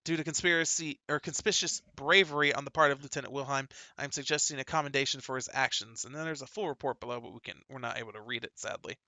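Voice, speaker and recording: A man's voice: medium pitch, fast, few pauses, sharp tone, dry recording. A man hosting a casual gaming podcast, chatting and laughing as he reads out news items. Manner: chatty, laughs often, many fillers. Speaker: podcast host.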